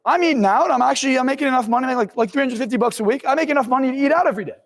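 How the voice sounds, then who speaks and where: A man's voice: very high voice, rapid-fire. A young man in his twenties, a motivational speaker and hypnotist, telling his own life story in an intense, blunt way with some swearing. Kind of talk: personal life story told to camera. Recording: long reverb in the room.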